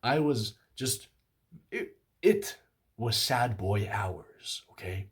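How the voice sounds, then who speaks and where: A man's voice: lowish voice, slow pace. Self-mocking young man telling a story. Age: young adult. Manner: self-mocking, animated, lots of fillers. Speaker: vlogger. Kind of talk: casual storytelling to camera.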